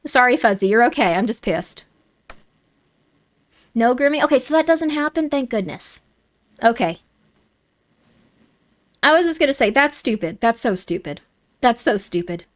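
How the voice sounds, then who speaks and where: A woman streamer chatting casually and reading viewer comments, rambling and animated, quick to get worked up. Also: a little high.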